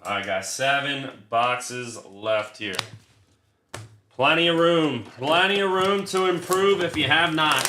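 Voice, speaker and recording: A man hosts a laid-back card break, swearing freely and running through pulls in a quick list. His voice is bright and forward. The room around him rings with a noticeable echo. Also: a little high, a little hiss or hum. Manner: chatty, swears freely, rattles off card lists. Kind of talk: casual livestream chat while opening cards. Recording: roomy echo.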